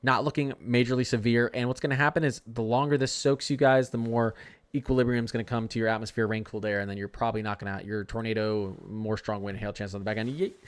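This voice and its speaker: A man's voice: lowish voice, steady tone, fast talker, clear, resonant tone. A young man hosting a casual live weather stream, rambling, ranting and talking straight to his chat. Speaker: weather livestream host.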